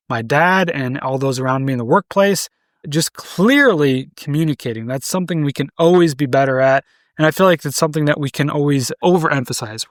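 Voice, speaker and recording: Talking alone on his podcast, a thirties-aged man keeps things loose, frequently tossing in "right?" and beginning phrases again. He has a slightly high voice, captured as a dry recording with a clean studio sound.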